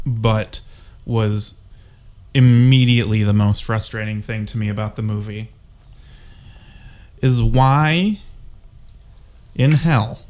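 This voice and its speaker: Guy venting about a movie in a relaxed chat, sarcastic and exasperated. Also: medium pitch. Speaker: co-host discussing a movie. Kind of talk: casual chat.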